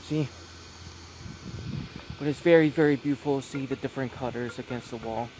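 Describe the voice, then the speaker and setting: A man at an ordinary pitch talks softly into a phone outside at night, repeating the same warm little phrases as he films. Faint outdoor noise and passing cars sit behind him. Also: moderate pace. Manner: repetitive, gentle, keeps saying very very nice. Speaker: vlogger. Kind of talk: casual vlog tour.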